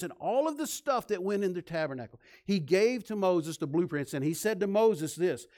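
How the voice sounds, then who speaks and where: A male pastor preaching a sermon, swinging from loud, emphatic lines to soft, hushed ones. He leads the congregation in call-and-response and drops in self-deprecating asides. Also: a little high.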